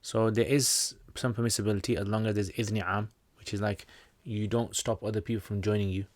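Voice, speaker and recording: British man, lowish voice, dry close sound, chatty livestream teacher, reads questions aloud. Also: little pitch movement, fairly quick, dry recording. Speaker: Islamic teacher answering viewer questions. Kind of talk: casual livestream Q&A.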